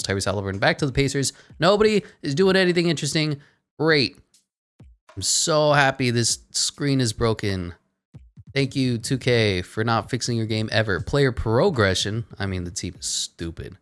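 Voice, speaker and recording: A man commentating over a basketball video game, sarcastic and deadpan, with quick offhand asides. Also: on the low side, smooth. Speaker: gaming commentator.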